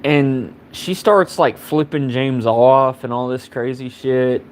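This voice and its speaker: A man's voice: mid-range voice, fairly even intonation, slow, slight background noise. A man on a live stream telling a story in a rambling, casual way, swearing freely and filling his sentences with "you know" and "like". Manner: rambling and profane, heavy on fillers.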